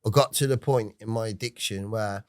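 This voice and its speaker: A man in his forties with an English accent tells his story in a loose, rambling way. He swears constantly and restarts his sentences as he goes. His voice sits fairly low and sounds dry and close, with no room echo. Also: normal speed. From England. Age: 40s. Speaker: podcast guest. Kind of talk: casual storytelling interview.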